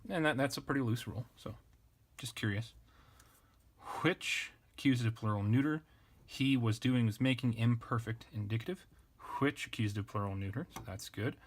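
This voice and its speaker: A man teaching an unscripted grammar lesson, thinking aloud and correcting himself in a relaxed way. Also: mid-range voice, moderate pace. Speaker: language teacher. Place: indoors at a desk with a camera.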